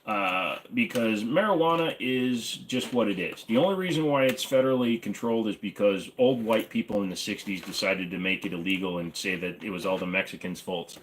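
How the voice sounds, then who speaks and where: A man's voice: lowish voice, fairly quick, hardly any pauses, slight background noise. A man in his forties hosting a casual livestream Q&A from his apartment, talking in a rambling, offhand, joking way. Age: 40s. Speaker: livestream host. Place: apartment bedroom-living room.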